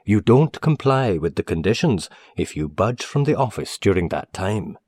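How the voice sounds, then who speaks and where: A man's voice: on the low side, big pitch swings, normal speed, darkish tone, no room sound, studio quality. A man voicing a fussy, eager middle-aged male manager who speaks earnestly and formally.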